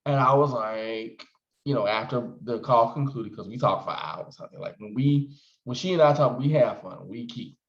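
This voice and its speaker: Man, 40s, expressive casual vlogger; roomy, slightly muffled recording. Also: mid-range voice, normal speed. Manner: chatty, expressive, calls viewers "honey". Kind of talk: casual chat to camera.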